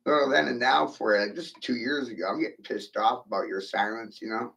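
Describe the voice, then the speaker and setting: A man's voice: medium pitch, brisk, vocal fry, few pauses, sharp tone. A man ranting on a livestream, profane and provocative, firing rhetorical questions at his viewers. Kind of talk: rambling livestream rant.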